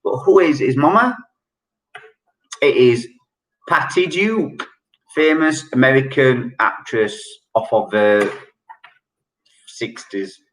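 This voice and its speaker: Man hosting a quiz, unhurried and jokey, echoey room at home. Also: mid-range voice, lively intonation, fairly bright tone, a little hiss or hum. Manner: chatty, joking, reads questions slowly and repeats them. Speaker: quiz host. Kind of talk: online pub quiz hosting.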